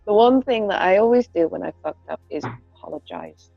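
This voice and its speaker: A woman talks frankly and earnestly in casual chat, dropping swear words without a second thought. Her voice has a gravelly edge. The recording is dry and a little dull. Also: medium pitch, sing-song, a little fast, no echo, soft background music. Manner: candid, earnest, swears freely. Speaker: podcast co-host, parent.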